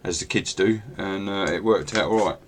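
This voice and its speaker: A man running a tabletop role-playing game as game master over a video call, describing scenes in a relaxed, self-deprecating way with filler pauses. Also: deep voice, slight background noise.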